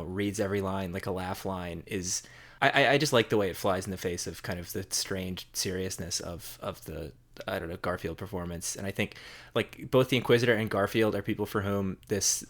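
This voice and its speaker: A man co-hosting a film podcast, discussing movies in a casual, halting way with many fillers and repeated words. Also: low voice. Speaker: podcast co-host.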